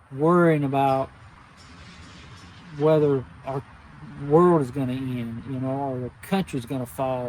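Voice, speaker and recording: A man's voice: a little high, slight background noise. An older man, hosting a knife channel, talking to his viewers in a heartfelt, humble, emotional way and repeating himself often. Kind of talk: casual heartfelt talk to viewers.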